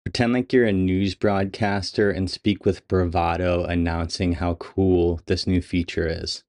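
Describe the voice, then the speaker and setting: A man with a very deep voice chats casually while making a video. He hesitates often, with fillers and restarts as he directs and questions. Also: flat delivery, measured pace, a little mellow. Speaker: video creator. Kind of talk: casual demo chat.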